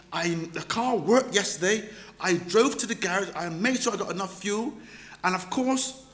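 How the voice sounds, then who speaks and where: A man, a pastor, telling a story in a humorous, animated sermon. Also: high-pitched.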